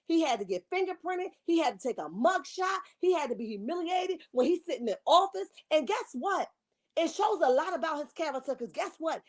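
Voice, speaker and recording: A woman in her forties with a high voice hosts her own commentary, from Camden, New Jersey. She scolds in a heated rant and fires off rhetorical questions. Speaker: online commentary host.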